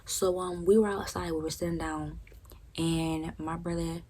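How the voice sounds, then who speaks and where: A woman's voice: fairly low pitch, steady tone, unhurried, warm tone, breathy edge. A young woman casually telling a personal story, frank and profane, often checking in with "right?". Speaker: storytime vlogger.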